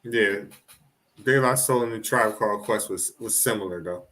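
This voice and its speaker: A man co-hosting a podcast, chatting casually with relaxed, laid-back interjections. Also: fairly low pitch, normal speed. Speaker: podcast co-host. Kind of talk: casual chat.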